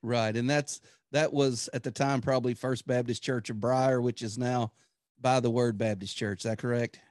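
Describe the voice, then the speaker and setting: A man hosting a podcast interview, asking relaxed follow-up questions. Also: medium pitch, normal speed, dry recording, studio quality. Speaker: podcast host.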